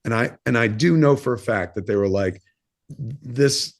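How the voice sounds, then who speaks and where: A man's voice: mid-range voice, expressive, moderate pace. A man in his fifties, a filmmaker and podcast guest, telling a personal story in a candid, rambling way, swearing freely and using plenty of fillers. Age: 50s. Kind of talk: casual interview storytelling.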